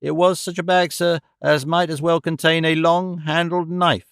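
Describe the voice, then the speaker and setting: A man voicing a fussy, old-fashioned elderly gentleman witness who speaks in a quavering, formal way. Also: fairly high pitch, little pitch movement, normal speed, vocal fry, clear, resonant tone, dry recording, clean studio sound, voice pushed up. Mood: earnest.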